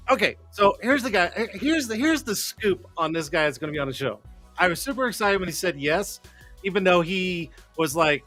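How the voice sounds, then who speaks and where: A man's voice: sits high, expressive, normal speed, fairly bright tone, soft background music. A man hosting a live streamed show in casual chat, rambling, swearing freely and laughing often.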